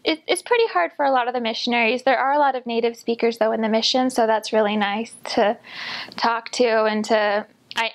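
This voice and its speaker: A woman's voice: fairly high pitch, creaky. A young American woman telling casual, laughing stories about learning a language. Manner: chatty, laughing, self-deprecating. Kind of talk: casual storytelling vlog.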